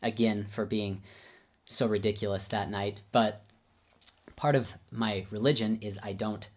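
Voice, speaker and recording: A man's voice: on the low side, fairly even intonation, unhurried. A man who is a concert pianist and teacher, telling personal stories in a friendly, self-deprecating way. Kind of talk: casual personal storytelling.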